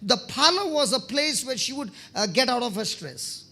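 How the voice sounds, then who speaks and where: A man's voice: very high voice, expressive, normal speed, bright, forceful tone. A man preaching a sermon, telling testimony stories, often checking in with his listeners and repeating words as he starts phrases.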